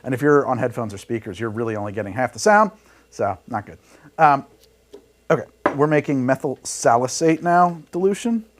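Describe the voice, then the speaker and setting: A livestream host mixes drinks while chatting casually, rambling and heated, swearing freely and laughing often. His voice is medium-pitched at normal speed, coming through a studio mic and mixer rig with a little hiss or hum.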